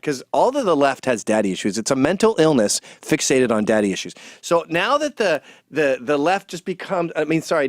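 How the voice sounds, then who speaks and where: A man's voice: medium pitch, no echo, studio quality. A man hosting a comedic commentary, ranting in a sarcastic, mocking way. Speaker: host and commentator.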